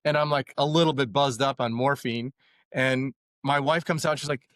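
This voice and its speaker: A young man, a podcast guest, telling a story in a loose, animated way with lots of fillers. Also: medium pitch, moderate pace, no room sound. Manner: rambling, animated retelling with many fillers. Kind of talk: casual storytelling.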